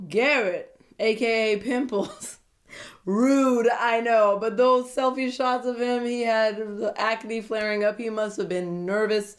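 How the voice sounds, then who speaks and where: A woman recapping a reality dating show in a casual, chatty way, animated and gossipy, often breaking into giggles. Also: a little high, slow.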